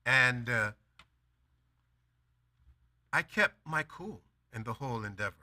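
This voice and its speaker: A male preacher with a very bright, forceful voice delivers a sermon through a personal story. He acts out both sides of a conversation, then hammers home his points with emphatic declarations. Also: mid-range voice, expressive, takes it slowly.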